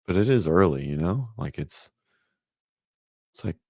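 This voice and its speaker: A man hosts a relaxed morning livestream from his home setup, greeting viewers and rambling between topics into a desk microphone. His voice sits extremely low with a gravelly edge. The sound is dry and close, with no room echo. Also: a little slow. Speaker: fitness livestream host. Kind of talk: casual morning livestream chat.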